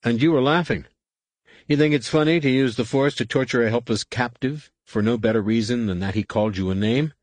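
A man voicing a firm, serious young male Jedi leader, speaking in a clipped, sharp way close to his own lowish voice. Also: a little fast, no echo, close to an everyday voice. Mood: stern.

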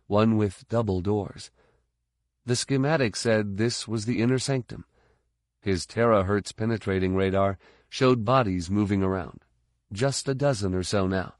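A man narrates an audiobook in a low voice, unhurried and measured. The recording is close and dry, with no room sound at all. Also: no echo. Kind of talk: scripted narration.

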